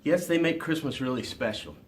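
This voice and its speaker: A man's voice: a little high, fairly quick, voice pushed up, natural voice. A man reading aloud and voicing a cheerful, teasing young woman in a storybook. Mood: playful.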